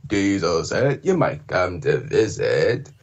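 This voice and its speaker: A man voicing a sly, menacing male villain diesel engine from a cartoon, in slow, drawn-out tones. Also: low voice, sing-song, muffled recording, pitched below the performer's own voice, full character voice. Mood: sly menace.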